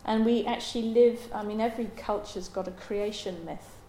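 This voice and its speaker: A woman giving a Buddhist dharma talk in a halting, thoughtful way, with many pauses and ums. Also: medium pitch, fairly even intonation, warm tone, a little hiss or hum. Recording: roomy echo.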